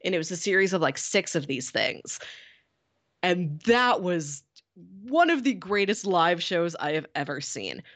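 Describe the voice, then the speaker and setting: A woman co-hosting a casual podcast chat, telling stories with animated enthusiasm. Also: lowish voice, measured pace. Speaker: podcast co-host.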